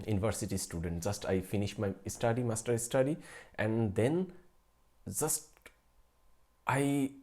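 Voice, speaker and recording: This is a young man in his late twenties hosting his own math live stream. He answers viewers casually in a relaxed, dark-toned voice. His speech is hesitant and full of fillers, false starts and little chuckles. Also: mid-range voice. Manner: hesitant, many fillers and restarts, chuckles often. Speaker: math channel host.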